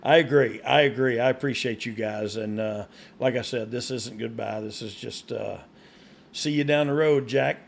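A man's voice: mid-range voice, normal speed, vocal fry, a little hiss or hum. A man co-hosting a podcast in rambling, joking casual chat. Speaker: podcast co-host.

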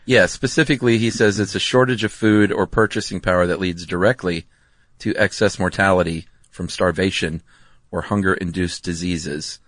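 A man's voice: sits low, moderate pace, fairly bright tone, no room sound. A man co-hosting a podcast in casual chat, easygoing and explaining facts plainly. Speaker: podcast co-host.

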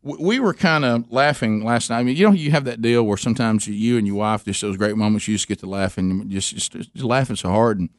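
A man's voice: brisk, hardly any pauses, dry recording. A middle-aged man, hosting a talk radio show and telling a rambling family story. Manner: rambling, animated, jumps into high voices for quoted people.

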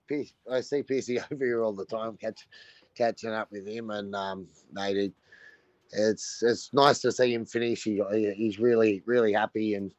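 A low-voiced Australian man talks in a laid-back, halting way, full of ums and restarts. The sound is dry and a little muffled, like a remote line. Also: no echo. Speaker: guest, former rugby league player. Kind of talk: casual phone interview.

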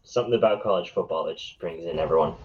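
A man's voice: low voice, fast talker. A man co-hosting a podcast in casual chat, making dry, blunt remarks. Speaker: podcast co-host. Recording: dull, lo-fi mic.

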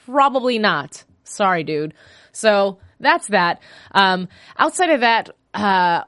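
A woman's voice: mid-range voice, dry recording, studio quality. A woman hosting a show, talking casually and animatedly, often acting out quotes. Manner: chatty and animated, quoting characters in voices. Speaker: host. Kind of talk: casual recap podcast.

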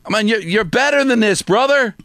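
A man's voice: sits high, animated, a little fast, a bit bright, no echo, studio quality. A man hosting sports talk, delivering an emphatic, scolding rant full of repetition. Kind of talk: opinionated sports radio rant.

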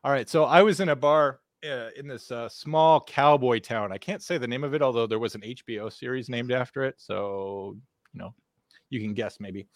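A man's voice: medium pitch, normal speed, no room sound. Man with dry close sound telling stories. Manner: rambling, animated anecdote-teller with profanity. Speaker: podcast guest. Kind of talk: casual podcast storytelling.

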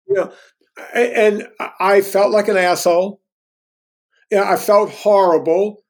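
A man's voice: sits high, fairly even intonation, measured pace. A man in his fifties, a guest telling stories in casual conversation, candid and self-deprecating, often restarting his sentences. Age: 50s.

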